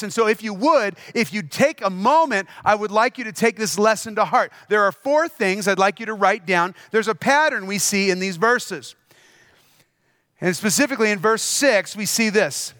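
Bright high-voiced male preacher. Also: no echo, clean studio sound. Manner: storytelling preacher, repeating key phrases with emphasis. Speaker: pastor. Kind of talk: sermon.

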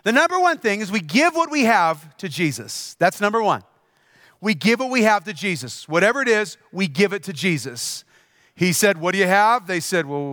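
A man's voice: high voice, fairly bright tone, no room sound, clean studio sound. A man preaching a sermon as pastor, telling stories and repeating key phrases for emphasis.

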